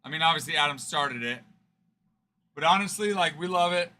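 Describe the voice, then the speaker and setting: A male card-breaking livestream host chats casually with viewers in a bright, brilliant tone that sits a touch high. He's brisk and chatty, trading teasing banter and fond of the word "frickin'."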